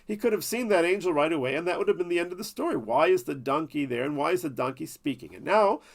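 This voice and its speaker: Playful gravelly male Bible teacher. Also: a little high, lively intonation, quick pace. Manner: playful, jokey asides. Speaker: Torah teacher. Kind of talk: storytelling Bible lesson.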